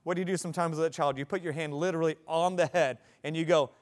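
Male pastor, 30s, fairly high voice, emphatic building sermon delivery. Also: steady tone, fast talker. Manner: preaching with rising emphasis and repeated phrases.

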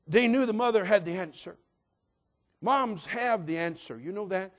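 A man's voice: high voice, normal speed. Folksy, emphatic preacher man. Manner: folksy, emphatic, swinging from hushed to loud. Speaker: pastor. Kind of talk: sermon.

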